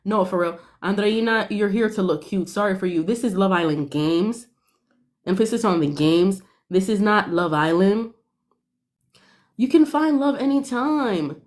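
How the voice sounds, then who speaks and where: A young woman giving animated, sassy commentary on a reality show, laughing often. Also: mid-range voice, moderate pace. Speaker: podcast panelist.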